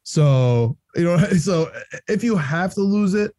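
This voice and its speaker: A young man co-hosting a casual sports podcast, rambling and excitable and laughing often. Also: sits high, takes it slowly. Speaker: podcast co-host.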